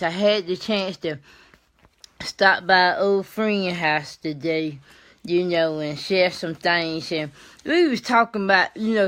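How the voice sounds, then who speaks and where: A tired older woman hosts a folksy vlog monologue in a chatty, drawn-out style, continually tossing in mm-hmm and yes sir. Her voice sits on the low side and is a bit bright.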